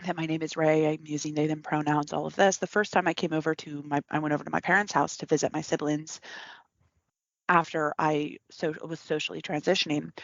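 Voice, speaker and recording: A woman with a slightly low voice tells a story on a podcast in an animated, affectionate way. The sound is dull and lo-fi, with a dry sound. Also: gravelly, no echo. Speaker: podcast co-host.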